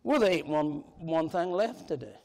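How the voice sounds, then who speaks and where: A man preaching a sermon in a church, emphatic and colloquial, rising to shouts. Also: fairly high pitch, expressive, moderate pace, vocal fry. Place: church sanctuary.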